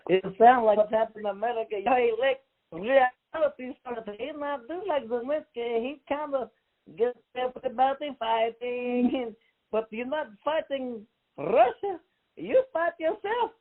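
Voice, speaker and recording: A man's voice: very high voice, normal speed. A man calling in as a brash, foul-mouthed Ukrainian émigré, speaking blunt, broken English in a put-on Ukrainian accent. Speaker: caller. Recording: tinny phone line.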